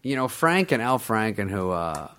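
A middle-aged man spinning backstage stories in a casual interview, his pitch leaping up and down as he laughs and mimics people. He curses freely and cracks himself up along the way. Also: moderate pace. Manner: animated, laughs often, swears freely, mimics other people. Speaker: guest, former sketch show writer and performer. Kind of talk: casual storytelling in a podcast interview.

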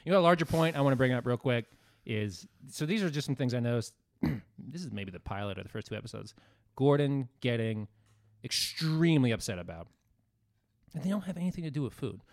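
A man's voice: medium pitch, expressive, a little fast. A man chatting casually on a podcast about food, telling long rambling stories and swearing often. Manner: rambling storyteller who swears a lot. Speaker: podcast co-host. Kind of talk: casual chat.

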